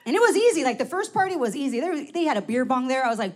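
A woman's voice: on the high side, very fast, hardly any pauses, a little hiss or hum. Brash, profane woman stand-up comic. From United States. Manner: brash, profane, crowd-teasing. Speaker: stand-up comedian. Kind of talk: stand-up comedy set. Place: comedy club stage with live audience.

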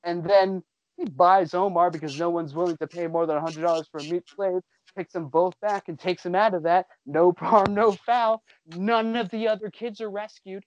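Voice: medium pitch, a little mellow. A podcast host giving a casual comedic recap of a show, incredulous and sarcastic, swearing freely. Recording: dull lo-fi recording.

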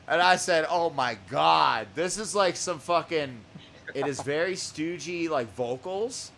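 Brief: male podcast host, lively pitch, bright edge, cursing and animated, faint hiss behind. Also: normal speed, vocal fry. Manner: profane, excitable, laughs often; shouts out quoted vocals. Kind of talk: casual chat reviewing music.

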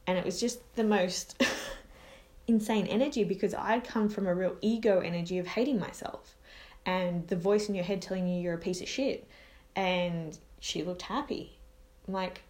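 A woman's voice: mid-range voice, normal speed. Blunt, swearing woman. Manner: blunt and profane, animated retelling. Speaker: guest telling a personal story. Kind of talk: casual storytelling.

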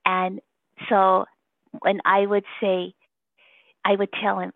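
A woman's voice: mid-range voice, completely flat delivery, slow pace, creaky, long pauses, no echo. A woman giving a casual phone interview, rambling and emotional, laughing often between her points. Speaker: interview guest. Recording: tinny phone line.

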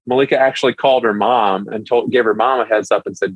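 A middle-aged man, a pastor, telling a personal story as a podcast guest in a relaxed, chatty way. He speaks in a mid-range voice and acts out the scene with lively energy. The recording is dry and close on the mic, with no room echo. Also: mid-range voice, fast talker, highs cut off. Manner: animated storyteller who acts out quotes. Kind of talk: storytelling in a casual interview.

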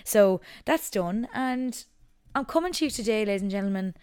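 A woman, hosting a casual solo podcast from her couch at home, chatty and animated. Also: medium pitch, normal speed, clear, resonant tone. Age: 20s. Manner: chatty and animated, breaks off to scold her dog. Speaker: podcast host. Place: living room at home, on the couch.

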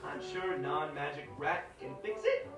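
A man's voice: a little high, big pitch swings, moderate pace, a bit bright, soft background music. An actor voicing a small talking male pet rat in a film, speaking in a mild, matter-of-fact way. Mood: calm.

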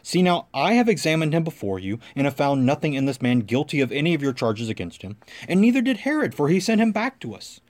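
A man's voice: fairly high pitch, sing-song, fast, hardly any pauses, darkish tone. A man reading the lines of a male Roman governor who keeps pleading and questioning. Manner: questioning, insistent.

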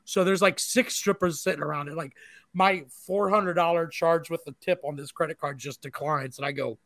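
A man's voice: on the high side, steady tone, normal speed, fairly bright tone, no room sound, clean studio sound. Chatty, foul-mouthed man telling a story. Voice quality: profane, rambling storyteller. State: married. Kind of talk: casual storytelling chat.

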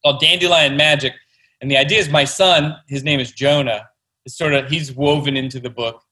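Bright-voiced chatty man. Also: medium pitch, fairly even intonation, brisk, rough recording. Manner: enthusiastic, chatty. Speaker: children's book author, guest. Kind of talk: casual interview talk.

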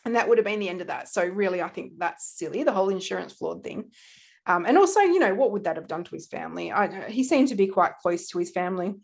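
Animated Australian woman co-host, chatty storyteller, laughs easily. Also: medium pitch, fast, gravelly, breathy edge. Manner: animated storyteller, laughs often, slips into quoted voices. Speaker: podcast co-host. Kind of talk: casual true-crime podcast chat.

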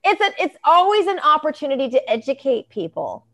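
A woman guest, a nutritionist, telling animated stories with emphatic asides and laughs. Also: sits high. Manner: emphatic, quick asides, laughs between points. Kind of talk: animated storytelling.

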